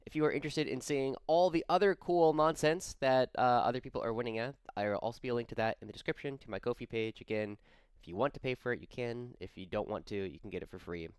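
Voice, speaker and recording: Smooth-voiced man rambling casually. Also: medium pitch, fast talker, no echo. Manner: rambling, casual, many fillers and self-corrections. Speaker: wargaming channel host.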